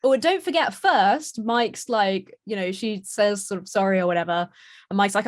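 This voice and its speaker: A woman's voice: medium pitch, moderate pace, dry recording, studio quality. A woman co-hosting a casual book review chat, retelling scenes with frequent laughter. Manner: laughs often, animated retelling.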